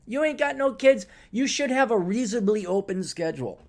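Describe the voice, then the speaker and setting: Man, podcast host, sarcastic rant, swears, very animated pitch. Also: a little fast. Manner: animated, mocking others in high put-on voices. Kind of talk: casual solo podcast rant.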